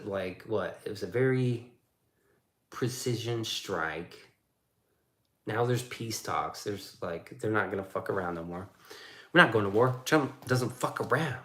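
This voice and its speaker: A man's voice: on the low side, lively intonation, unhurried, a bit bright. Joking, profane man in a roomy space. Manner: loose, joking, profane, reads chat aloud. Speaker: livestream host reading chat. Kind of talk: casual livestream chat. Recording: roomy echoey sound.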